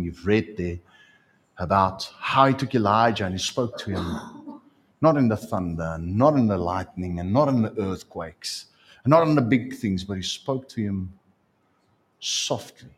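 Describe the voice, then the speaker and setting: A man preaching a sermon as pastor, in an animated, conversational way. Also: on the low side, moderate pace.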